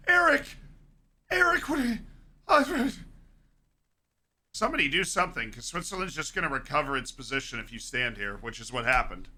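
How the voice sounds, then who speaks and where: A young man streaming a live football watchalong, chatting casually and reacting excitedly to the play. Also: medium pitch. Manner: chatty, excitable, yells at big plays.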